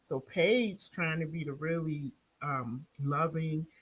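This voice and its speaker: A woman from Baltimore with a Baltimore accent, hosting her own show and recapping a reality series in a casual, animated way, talking back to the people on screen. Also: sits low, slow, a little hiss or hum, low-quality recording. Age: young adult or middle-aged, has a son.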